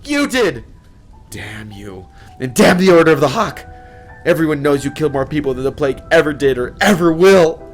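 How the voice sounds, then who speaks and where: A furious widow shrieks and sobs, her voice pitched sharply high as a man puts her on. Her rage spills out in loud, raw bursts over faint background music in this storybook reading. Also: very animated, normal speed. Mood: ranting. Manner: screaming, sobbing accusations.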